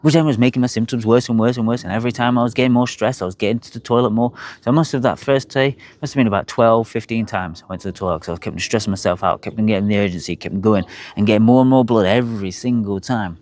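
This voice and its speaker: A man's voice: on the low side, steady tone, quick pace, hardly any pauses, darkish tone. A young man, bluntly telling his own health story to camera, swearing freely. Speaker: health vlogger.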